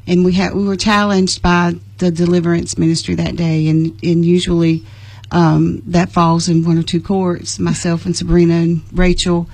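A woman sharing an earnest, halting testimony in a casual church group. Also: on the low side, flat delivery, darkish tone, no echo, low-quality recording.

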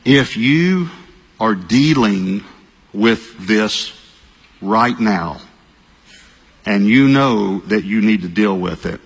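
Man preaching, low husky voice, hall echo, storytelling with loud outbursts. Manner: animated storytelling, bursts of shouting and quick repeated phrases. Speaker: pastor. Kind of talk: sermon. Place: large church hall. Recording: long reverb of a large hall.

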